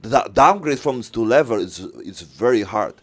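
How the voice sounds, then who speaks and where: A man hosting a podcast in casual conversation, speaking halting non-native English with many fillers. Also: medium pitch, expressive. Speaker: podcast host.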